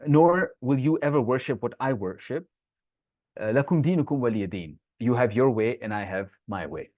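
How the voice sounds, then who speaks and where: A man teaching a live online Quran lesson. He explains each point, answers viewers' comments from the chat, and recites Arabic verses quickly between his English explanations. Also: medium pitch, no echo. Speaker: Islamic teacher. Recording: tinny phone-like dry sound.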